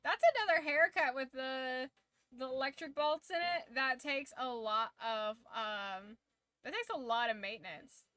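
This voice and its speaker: Bright-voiced chatty woman streamer. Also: high voice, measured pace, dry recording. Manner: chatty, swearing, reacting to chat. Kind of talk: casual watch-along chat.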